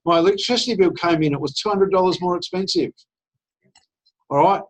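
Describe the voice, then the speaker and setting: A man giving a persuasive pitch on a video call, slightly higher-voiced than most men. He sounds enthusiastic and chatty, and he slips into short acted-out phone conversations. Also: brisk, rough recording. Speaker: presenter at an online business opportunity meeting.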